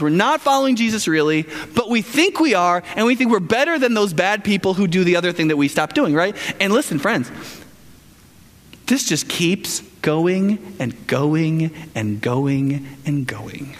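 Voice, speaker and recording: A male pastor with a high voice preaches in a big hall where his words ring out in a long reverb. He talks casually to the room, checks in with "right?" and slips into the voices of the people he describes. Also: fairly bright tone. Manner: conversational, keeps asking "right?", acts out quoted people. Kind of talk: sermon.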